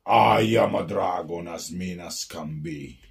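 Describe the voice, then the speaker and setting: A man reading aloud, voicing a mean, boastful male dragon in a slow, menacing way. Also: low-pitched, vocal fry, pitched below the performer's own voice.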